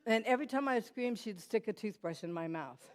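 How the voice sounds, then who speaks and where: A woman's voice: mid-range voice, expressive, fairly quick. A woman giving a personal testimony to a church audience, telling her story in a conversational way with many fillers and restarts and talking directly to the listeners. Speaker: guest speaker. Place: church hall.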